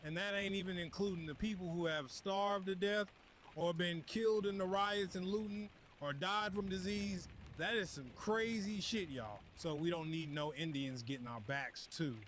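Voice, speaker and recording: A man's voice: sits high, normal speed, a bit bright, slight background noise. A man voicing a brash, crude American radio DJ with boisterous, slangy, profane patter. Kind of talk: comedic radio DJ monologue.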